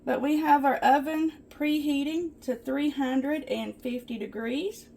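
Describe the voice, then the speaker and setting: In her small home kitchen, a woman bakes and chats with viewers, whom she calls "guys." Her voice sits high with some vocal fry, and she talks a little slowly. She's a home cooking vlogger, chatty and quick to get excited, giving a casual demonstration.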